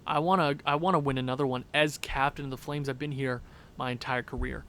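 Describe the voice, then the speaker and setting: Veteran hockey captain pep talk, calm, steady, hoarse young guy doing it. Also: mid-range voice, fairly quick, a little hiss or hum, voice pushed down, natural voice. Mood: rallying. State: voice worn out.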